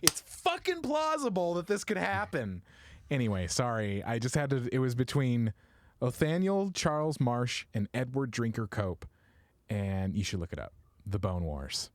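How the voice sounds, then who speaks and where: A man's voice: medium pitch, sing-song, normal speed. A man co-hosting a casual podcast chat, rambling playfully and trailing off into mumbles. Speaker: podcast co-host.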